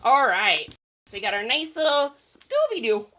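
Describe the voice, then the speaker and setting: A woman hosts a casual live stream as she packs up sold items. Her voice sits a little high and rings bright and forward. She chats loosely and laughs often, drifting into side stories. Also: very animated, moderate pace. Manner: chatty, laughs often, rambling asides. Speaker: reseller hosting a live stream. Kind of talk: casual live-stream chat while packing orders.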